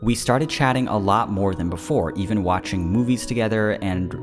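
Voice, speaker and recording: A man's voice: lowish voice, normal speed, over music. A man co-hosting a podcast, reading a listener's email aloud, stumbling, laughing and swearing freely as he goes. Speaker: podcast co-host.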